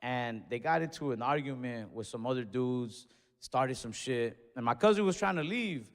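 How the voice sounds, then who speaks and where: A man's voice: medium pitch, normal speed. A young man telling a profane story on stage as a stand-up comedian, slipping into acted-out voices. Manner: animated, acts out other voices, profane and loose. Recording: long hall reverb on stage.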